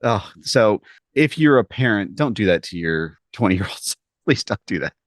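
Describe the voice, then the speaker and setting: Clean studio sound with no room noise captures a podcast co-host with a lowish voice at a moderate pace. He chats casually, telling animated stories and voicing the quoted lines himself.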